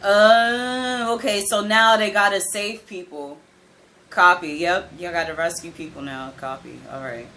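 A young woman casually reacting to an anime episode, excitable and giggly, swearing now and then. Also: medium pitch, unhurried, few pauses, slight background noise, rough recording.

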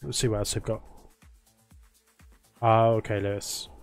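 A man's voice: on the low side, flat delivery, a little slow, soft background music. A man live-streaming a game, chatting casually and teasing and thanking viewers by name. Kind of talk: casual live-stream chat while gaming.

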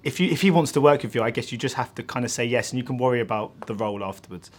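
A man's voice: medium pitch, very fast. A man interviewing actors about a film, asking long, eager, rambling questions full of fillers.

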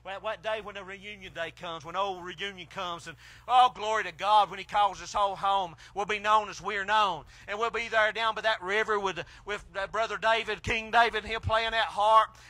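Man, fiery preacher; high, ringing voice, bursts of shouting, then drops low. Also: no room sound. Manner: swings between hushed and shouted exclamations. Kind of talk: fiery country sermon. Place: outdoor drive-in church service.

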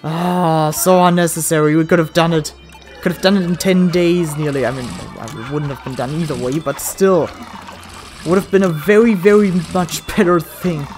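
A let's play gamer commentating, swearing a lot, yelling at the game and then muttering to themself. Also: medium pitch, moderate pace, faint music behind.

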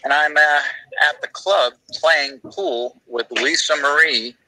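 A man, a guest bass player, telling rambling anecdotes in casual chat with many fillers. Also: slow pace, sharp tone, dry recording, low-quality recording. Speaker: guest bassist.

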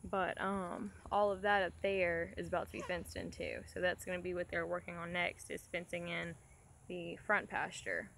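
A woman's voice: on the low side, little pitch movement, normal speed, gravelly, a bit bright, a little hiss or hum, low-quality recording. Chatty woman vlogging outdoors. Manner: chatty, talks to viewers and her dog. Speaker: vlogger showing her property. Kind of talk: casual vlog walkthrough. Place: outdoors on rural property.

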